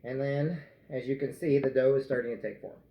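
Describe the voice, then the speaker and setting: A man's voice: mid-range voice, steady tone, a little fast, reverberant, muffled recording, noisy background. A man making bread in his home kitchen, joking around and singing to himself while he kneads the dough. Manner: goofy, playful, jokes and sings while kneading dough. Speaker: home cook. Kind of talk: casual cooking vlog.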